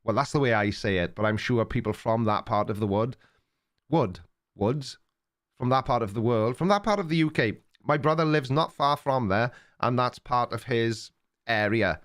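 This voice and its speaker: A man's voice: mid-range voice, lively intonation, normal speed, fairly bright tone. An older man with a Welsh accent, hosting a live stream and chatting casually with viewers in a rambling, teasing way. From Wales. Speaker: livestream host reading chat.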